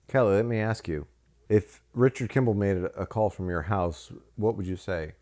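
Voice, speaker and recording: A man's voice: lowish voice, normal speed, darkish tone. A man co-hosting a movie review podcast at home, chatting casually and teasing his co-host. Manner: playful, teasing, slips into goofy voices. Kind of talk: casual joking chat.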